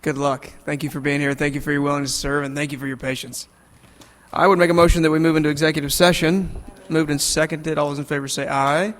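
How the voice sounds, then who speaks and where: A man chairing a legislative committee hearing, moving briskly through procedure with light chuckles. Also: on the high side, level tone, a bit bright. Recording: long hall reverb.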